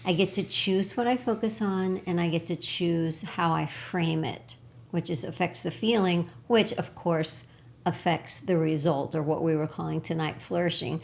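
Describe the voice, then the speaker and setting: A woman co-hosting a spiritual talk show, talking warmly and with enthusiasm, often laughing. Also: lowish voice, steady tone, moderate pace, creaky. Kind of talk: casual spiritual chat.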